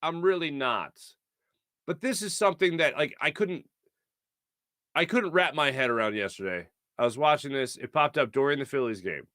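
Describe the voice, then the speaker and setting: A man's voice: on the high side, animated, normal speed, a bit bright, dry recording, clean studio sound. A man hosting a sports talk show, chatting casually and playfully, laughing often.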